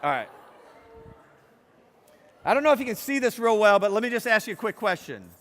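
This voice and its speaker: A middle-aged man giving a lively talk to students, chatty and playful, asking the audience questions and telling stories. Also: sits high, fairly quick. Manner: conversational and playful, asks the audience questions, acts out quotes. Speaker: speaker addressing students. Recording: long hall reverb.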